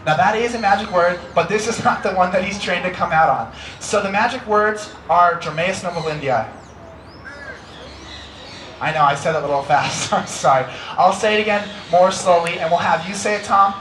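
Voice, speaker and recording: A man's voice: high-pitched, background noise. An American man presenting a live educational bird show, playful and teasing as he coaxes volunteers. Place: outdoor amphitheater stage. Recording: roomy live show sound with music.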